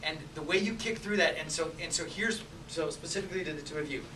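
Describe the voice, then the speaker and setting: A man runs an improv class with an upbeat, chatty manner, laughing as he coaches. His voice sits high. He is recorded from a distance in an echoey room with steady background noise. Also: fast talker. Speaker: improv teacher. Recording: roomy, distant mic, noisy.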